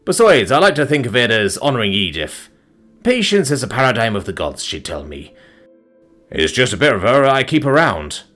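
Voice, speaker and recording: A man's voice: medium pitch, sing-song, moderate pace, fairly bright tone, faint music behind, pitched above the performer's own voice. A man voicing an easygoing, kind old farmer who talks in homely rural phrases in a storybook reading.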